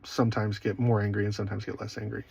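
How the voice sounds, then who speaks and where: A man speaking casually as an online Christian speaker, rambling, with self-deprecating humor and frequent quiet asides. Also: on the low side, little pitch movement, fast talker, creaky, slightly rough, no echo. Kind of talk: casual spoken reflection. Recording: dry, slightly dull recording.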